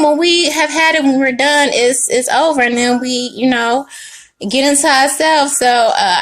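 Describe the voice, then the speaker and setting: Profane, high-voiced tarot reader woman. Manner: blunt, profane, animated, laughing often. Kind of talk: casual tarot reading monologue.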